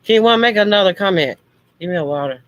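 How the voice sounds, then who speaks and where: A woman's voice: medium pitch, lively intonation, quick pace, rough recording. A woman hosting a casual livestream chat. She talks to her viewers in a harsh, blunt way, though she means no harm. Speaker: livestream host.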